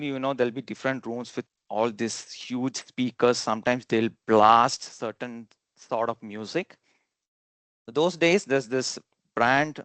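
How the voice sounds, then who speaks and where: A man's voice: mid-range voice, fairly bright tone, no echo. A man from India, giving a talk to an audience and telling humorous personal stories, now and then chuckling and acting out quotes.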